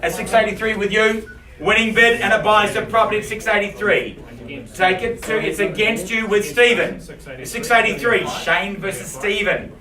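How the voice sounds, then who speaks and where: A man calling bids in a live auction, with quick, playful patter for the bidders. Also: high voice, a crowd in the background. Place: auction room. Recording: echoey room from far off.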